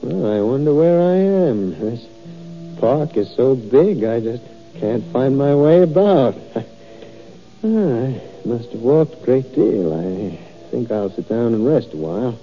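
A timid, stammering old schoolteacher. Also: male voice, mid-range voice, animated, measured pace. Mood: musing. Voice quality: hesitant, stammering, mild-mannered. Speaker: teacher. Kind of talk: 1940s radio acting. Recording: dull old radio recording, faint music.

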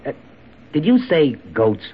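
A man's voice: on the high side, sing-song, measured pace, husky, full character voice. An actor playing an ardent, insistent young man in 1940s radio drama, with an earnest, persuasive delivery. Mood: teasing. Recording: dull old radio recording with faint hiss.

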